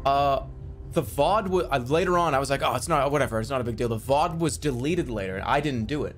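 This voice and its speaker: A man's voice: medium pitch, fast, soft background music. A young man streaming, telling his dreams in casual chat, acting out the voices and swearing freely. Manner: animated storytelling, acts out quotes with profanity.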